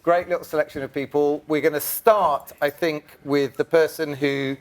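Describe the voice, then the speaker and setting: A man's voice: a little high, steady tone, normal speed. A man chairing a live conference panel, introducing the speakers in a jokey, chatty way. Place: conference stage before an audience.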